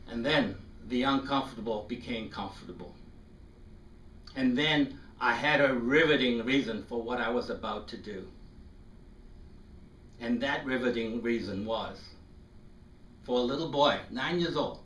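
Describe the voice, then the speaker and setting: A man in his fifties from South Africa, telling a personal story to an audience in an animated way and acting out the voices. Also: mid-range voice, unhurried, pauses often. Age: 50s. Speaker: speaker. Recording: echoey room, distant mic, faint noise.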